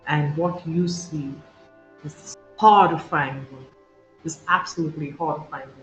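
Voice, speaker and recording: A game master narrating a tabletop game with vivid, halting description, full of fillers and restarts. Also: mid-range voice. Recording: roomy, dull sound, faint music.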